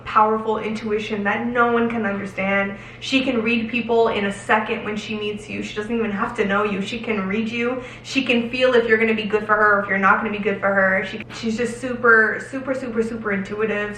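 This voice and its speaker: A woman's voice: a little high, little pitch movement, normal speed, hardly any pauses, a bit bright, slight background noise. A young woman answering viewer questions to camera in a casual, emotional and candid chat, drawing out words for emphasis. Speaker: lifestyle vlogger. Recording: roomy echo, slightly distant from mic.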